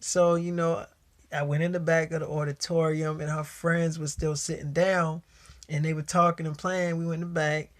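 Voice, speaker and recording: A man's voice: a little high, flat delivery, moderate pace. A man telling a personal story in a casual, slangy way, full of profanity and quoted back-and-forth dialogue.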